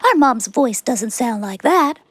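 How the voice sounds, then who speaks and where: A woman doing squeaky little goat kids. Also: unhurried, no room sound. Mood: defiant. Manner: high excited chatter.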